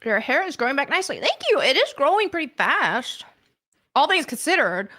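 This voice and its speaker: A woman's voice: high-pitched, sing-song, brisk, bright, forceful tone. A woman hosting a casual livestream and reading chat, blunt and indignant, with lots of fillers. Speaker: livestream host.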